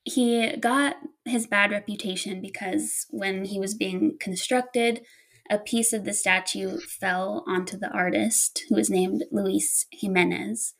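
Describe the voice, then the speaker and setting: A woman's voice: mid-range voice, steady tone, slow pace, gravelly, a bit bright. A woman telling stories in casual chat, laughing often as she talks.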